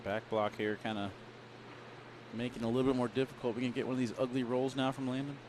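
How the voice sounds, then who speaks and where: Male play-by-play commentator, mid-pitched, joking patter, faint outdoor noise. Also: flat delivery, quick pace. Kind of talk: live sports commentary.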